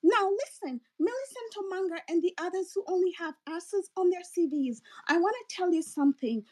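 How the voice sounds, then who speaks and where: A woman with a Kenyan accent and a strikingly high voice rants in anger. Her political monologue is profane and heated. She breaks off and restarts her sentences often. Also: animated, a little fast, a little mellow. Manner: angry, profane, ranting, self-interrupting. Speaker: political commentator.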